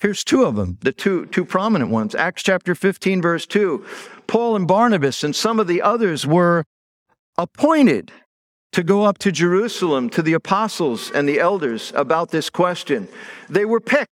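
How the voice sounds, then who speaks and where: A middle-aged male pastor delivers a sermon in a voice pitched a touch above most men. He talks it through like a story told to friends, then presses down firmly on the words that matter. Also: big pitch swings, moderate pace. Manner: conversational storytelling with stressed words.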